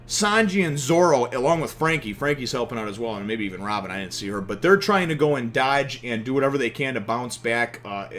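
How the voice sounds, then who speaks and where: A man in his thirties casually reviewing a comic chapter from his home office, animated and emotional, swearing now and then. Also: mid-range voice.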